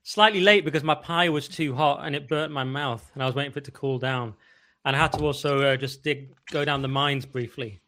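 A man from North West England, chatting as a guest comedian with deadpan jokes. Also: mid-range voice, brisk. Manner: joking, deadpan asides. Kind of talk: casual chat.

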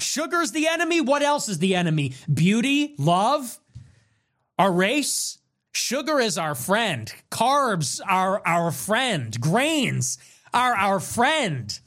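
A young man hosts his own livestream in a rant, his voice set a bit high and swinging wildly up and down. He whines and exaggerates, stacking up list after list of complaints and jumping between mock despair and sudden outbursts. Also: fairly bright tone. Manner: repetitive, piling up lists. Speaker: livestream host.

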